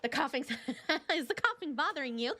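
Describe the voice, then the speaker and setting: A woman's voice: high voice, animated, moderate pace, sharp tone. A young woman streaming a game, reading it aloud and reacting anxiously; she pleads, repeats herself and laughs often.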